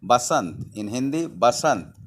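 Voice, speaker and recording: A man teaching a lesson at a very slow, careful pace, repeating each word again and again. He spells out the words letter by letter. His voice sits at an ordinary middle pitch. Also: sing-song, a bit bright, breathy edge. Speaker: Hindi teacher.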